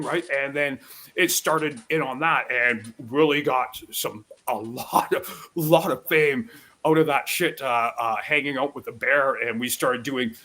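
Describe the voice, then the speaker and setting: A man telling a rowdy story in casual live chat, swearing freely and acting out loud quotes. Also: mid-range voice, a little slow. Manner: profane, animated storytelling with loud acted-out quotes. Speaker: guest storyteller.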